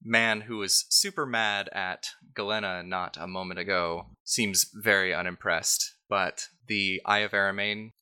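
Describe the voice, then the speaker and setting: Bright-voiced man running a tabletop game. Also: sits low, clean tone. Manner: descriptive, with frequent "uh" and "like". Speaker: game master.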